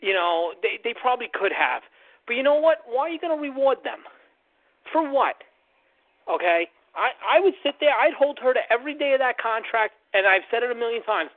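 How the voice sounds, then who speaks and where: A podcast host talks in a blunt, swearing, opinionated way at a medium pitch. The sound is thin and tinny, like a phone line. It is a loose, casual chat. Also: expressive, a little fast.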